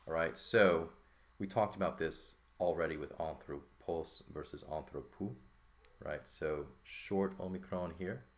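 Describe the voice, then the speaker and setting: Very deep-voiced man teaching. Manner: explanatory, checks in with "right?" often. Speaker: Greek teacher. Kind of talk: explaining at a board.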